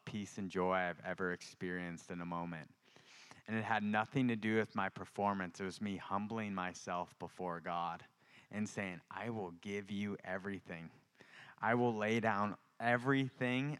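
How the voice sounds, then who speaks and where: Impassioned bright-voiced young male preacher. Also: on the low side, smooth. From Louisiana. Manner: impassioned, swings between loud outbursts and whispered prayers. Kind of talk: testimony sermon.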